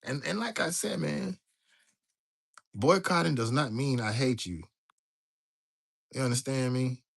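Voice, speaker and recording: A man's voice: medium pitch, lively intonation, a little slow, creaky, fairly bright tone, husky. A man hosting a casual livestream, talking loosely and greeting viewers from the chat. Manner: loose, chatty, talks to viewers directly, reads chat aloud. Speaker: livestream host.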